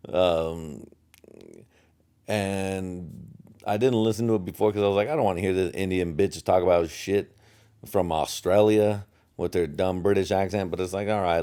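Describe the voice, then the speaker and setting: A man's voice: sits low, warm tone, clear, resonant tone. A young American man hosting a solo podcast, rambling from topic to topic with heavy profanity and chuckles at his own jokes. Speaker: podcast host.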